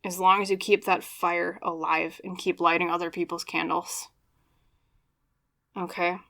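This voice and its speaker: A woman reads tarot in a pick-a-card format, chatty and sincere, frequently asking "okay?" and apologizing along the way while showing her emotions openly. Her voice sits on the low side, creaky, pushed and bright, and she speaks flatly without hurrying.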